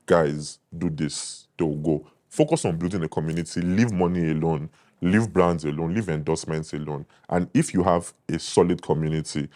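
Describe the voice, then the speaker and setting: A man's voice: extremely low pitch, warm tone. A young adult man with a Nigerian accent, a food critic guest talking confidently and emphatically in a casual interview.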